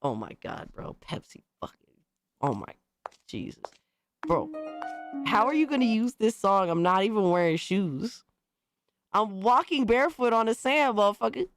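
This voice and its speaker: A woman hosting a casual livestream, reacting to things in an excitable, slangy, profane way. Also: medium pitch, normal speed. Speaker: livestream host.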